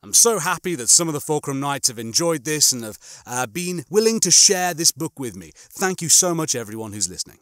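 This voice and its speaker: A man hosting his channel, chatting warmly with listeners and then narrating a comic novel with enthusiasm. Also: on the high side, a little fast, hardly any pauses, no echo, studio quality. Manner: enthusiastic, animated reading. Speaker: audiobook reader and channel host.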